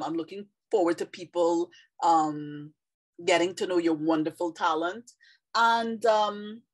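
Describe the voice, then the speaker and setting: A woman's voice: on the low side, rough recording. A woman from Trinidad and Tobago with a light Trinidadian accent, speaking casually and earnestly straight to her viewers as a video creator.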